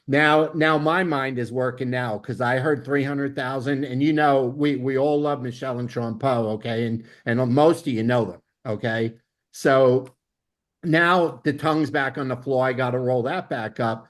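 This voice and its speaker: A man's voice: medium pitch, moderate pace. A man leading a network marketing training, speaking emphatically and often checking in with "okay?". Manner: emphatic, peppers lines with "okay?"; excitable, bursts of laughter. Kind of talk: motivational training talk.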